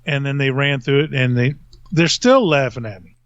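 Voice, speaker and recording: A man's voice: mid-range voice, normal speed, muffled recording. A man telling a long story in casual podcast chat, rambling and self-mocking, laughing often.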